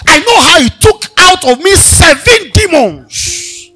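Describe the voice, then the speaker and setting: A man's voice: very high voice, lively intonation, slow pace, sharp tone, faint music behind, voice pushed up, exaggerated voice. A male preacher voicing a weeping devoted woman disciple. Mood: tearful devotion. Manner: tearful, pleading and emphatic.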